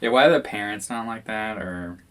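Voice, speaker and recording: A woman's voice: very deep voice, moderate pace, a bit bright. A woman co-hosting a casual book podcast, laid back, reacting with short comments and questions. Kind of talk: casual book-club chat.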